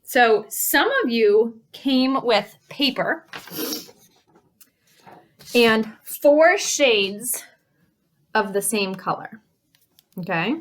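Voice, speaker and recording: A young woman teacher reads a picture book aloud to small children and acts out every emotion she meets. Her voice sits a little high and swings widely, dropping to soft sighs and rising to playful cries. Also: very slow, pauses often. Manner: animated, acts out each feeling with gasps and shouts.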